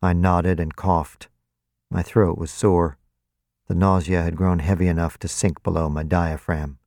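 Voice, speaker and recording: Deep raspy guy reading a novel, dry close sound, kinda wry. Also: flat delivery, unhurried, a little mellow, no echo. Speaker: audiobook narrator. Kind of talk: first-person novel narration.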